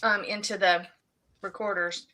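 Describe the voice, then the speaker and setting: A woman's voice: medium pitch, fairly even intonation, unhurried, bright, forceful tone, slight background noise, low-quality recording. A woman, co-hosting a casual chat and laughing often as she tells stories. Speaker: co-host.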